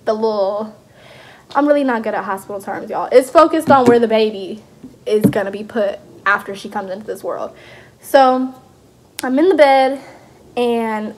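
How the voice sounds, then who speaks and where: A young woman, chatting through a storytime vlog in a lively, animated way. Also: on the high side, slight background noise. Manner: chatty, animated retelling with laughs. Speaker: vlogger.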